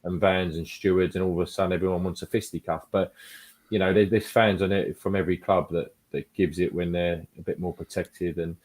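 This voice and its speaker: A man with a very deep voice chats as a guest on a casual fan podcast. His talk is easygoing and rambling. He leans on filler phrases as he goes. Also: fairly even intonation, brisk, a little mellow. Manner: easygoing, rambling, peppered with "to be fair" and "you know". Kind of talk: casual chat.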